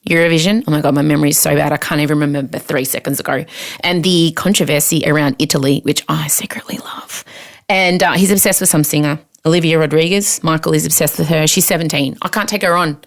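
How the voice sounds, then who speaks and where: A woman's voice: low voice, steady tone, quick pace. A woman in her forties with an Australian accent, hosting a podcast in a chatty, self-mocking storytelling manner. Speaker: podcast host. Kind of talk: casual monologue.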